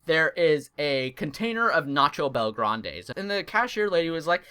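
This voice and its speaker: Young dude telling a storytime, bright voice, swoops all over the place. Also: male voice, fairly high pitch, moderate pace, clear, resonant tone. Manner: animated, comic storytelling. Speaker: gaming channel host. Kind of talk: storytime vlog.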